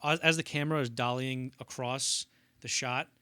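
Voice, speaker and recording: A man's voice: mid-range voice, steady tone, moderate pace, bright, forceful tone, clear, resonant tone, dry recording. A young man co-hosting a casual film podcast, rambling through anecdotes and acting out quotes in bursts. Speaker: podcast co-host.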